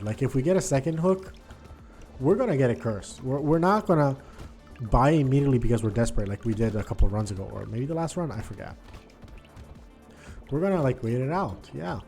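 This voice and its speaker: Excitable gaming commentator, mellow voice. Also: male voice, medium pitch. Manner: excitable, swings from muttering to frustrated outbursts; thinks aloud, repeats words and restarts. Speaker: gaming video host. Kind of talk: casual gameplay commentary.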